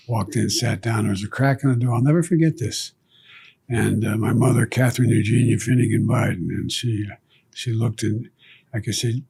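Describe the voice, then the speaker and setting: A man's voice: lowish voice, steady tone, fairly quick, gravelly, a little mellow, slightly rough. An older man as an interview guest, telling childhood stories with many restarts and fillers. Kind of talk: storytelling in an interview. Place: seated indoors for an interview.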